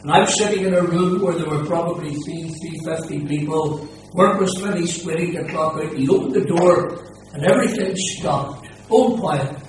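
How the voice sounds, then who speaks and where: An older man, a pastor, telling his life story to a congregation, earnest and emphatic. His voice sits a touch high for a man, and it reaches the mic from a distance across a big echoey hall. A steady noise runs underneath. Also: moderate pace. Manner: earnest, emphatic storytelling, voice rising on key moments. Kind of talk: personal testimony before a congregation.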